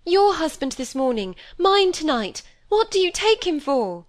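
A woman's voice: fairly high pitch, slow, a little mellow, no echo, clean studio sound, voice pushed up. A woman reading an audiobook, voicing an earnest, tender-hearted young woman. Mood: indignant. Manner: tender, then indignant. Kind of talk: audiobook character voice.

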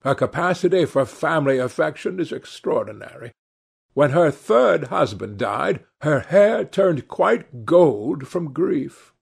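A man reading aloud and voicing a witty, cynical aristocratic gentleman with a dry, drawling delivery. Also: on the high side, animated, a little slow, gravelly, breathy edge, voice pushed up, full character voice. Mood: amused.

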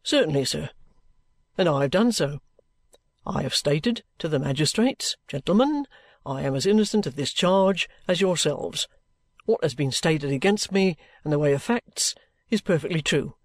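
A man voicing a bluff, steady middle-aged ex-soldier who talks plainly and good-humouredly. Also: a little high, normal speed, dry recording, studio quality, voice pushed down.

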